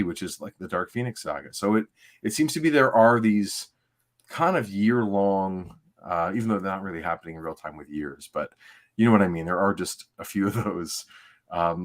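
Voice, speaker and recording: A middle-aged man co-hosting a livestream, talking in a rambling, laid-back way with plenty of fillers. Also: on the low side. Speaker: podcast co-host. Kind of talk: casual livestream chat.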